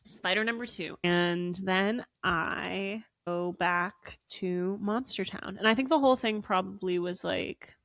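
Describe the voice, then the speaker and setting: A woman's voice: mid-range voice, measured pace, vocal fry, few pauses, no echo, studio quality. A young woman hosting a podcast, telling a long story in casual chat with lots of "like" fillers. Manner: animated, frequent "like" fillers. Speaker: podcast co-host.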